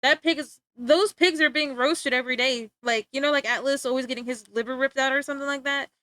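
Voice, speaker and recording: Bright-voiced young woman streamer rambling. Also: high-pitched, fairly even intonation, quick pace, dry recording. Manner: rambling, joking, laughs often. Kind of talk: casual livestream chat.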